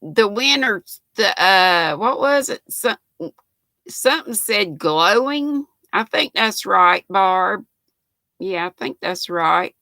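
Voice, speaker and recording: A woman's voice: mid-range voice, animated, slow pace, gravelly, bright, forceful tone, dry recording. A woman, chatting casually with viewers, reading out comments and laughing often on her livestream. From United States. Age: 60s. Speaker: livestream host reading chat. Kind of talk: casual chat.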